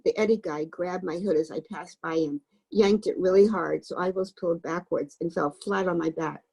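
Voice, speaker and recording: A woman reading a novel aloud for a book club, in a gravelly, husky voice. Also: lowish voice, warm tone, rough recording.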